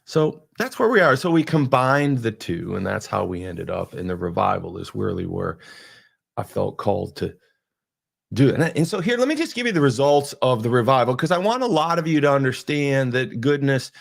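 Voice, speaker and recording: A man's voice: mid-range voice, lively intonation, normal speed, creaky. A man hosting a podcast, talking earnestly and rambling through a faith monologue with frequent restarts. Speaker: podcast host.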